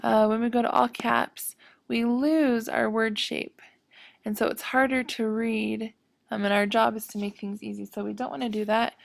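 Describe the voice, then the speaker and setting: A woman's voice: fairly high pitch, little pitch movement, moderate pace, vocal fry, no echo. A woman teaching a screen-recorded web design tutorial, hesitant and full of ums as she thinks aloud while clicking.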